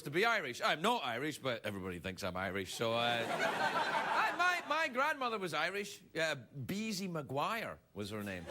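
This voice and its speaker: Animated late-night host joking. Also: male voice, high voice, very noisy. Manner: animated, joking, laughing at own jokes. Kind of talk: comic monologue. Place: TV studio with live audience.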